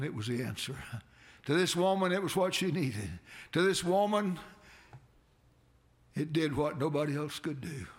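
A man preaching a sermon, with dramatic swells that build to near shouts. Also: creaky. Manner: dramatic preaching with sudden swells in pitch and loudness.

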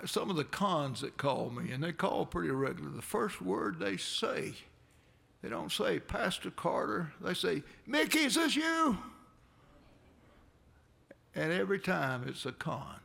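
A man's voice: fairly high pitch, expressive, unhurried, gravelly, fairly bright tone, husky. A man preaching a folksy sermon in a church, rambling into conversational asides with a chuckle now and then. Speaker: pastor. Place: church sanctuary.

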